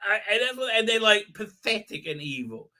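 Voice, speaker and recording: A man's voice: high voice, big pitch swings, moderate pace, sharp tone. A middle-aged man hosting a casual livestream, rambling with many fillers and restarts. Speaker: livestream host.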